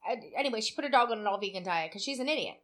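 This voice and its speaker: Woman, podcast co-host, higher voice, blunt and profane in casual chat. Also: expressive, very fast, fairly bright tone. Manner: swears freely, chatty and opinionated.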